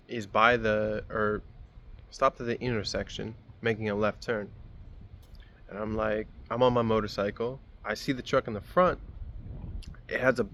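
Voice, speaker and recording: A man's voice: mid-range voice, a bit bright, slight background noise. A young man telling a rambling, profane story in a casual vlog. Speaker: vlogger.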